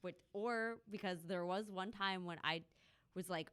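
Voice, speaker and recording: A low-pitched woman with a smooth, resonant voice chats casually as a podcast co-host. She rambles through stories and laughs often. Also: a little slow, fairly bright tone. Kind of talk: casual chat. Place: live show in a loft venue.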